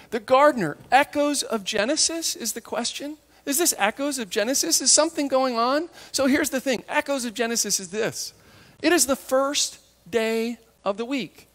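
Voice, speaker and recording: Animated woman preaching in an echoey hall. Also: on the high side. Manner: lively and conversational, acting out the disciples and Mary in quick asides. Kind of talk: sermon.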